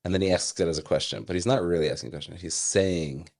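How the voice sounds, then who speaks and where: Deep-voiced man explaining patiently. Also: fast talker, darkish tone. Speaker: guest. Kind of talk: casual discussion. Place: podcast studio.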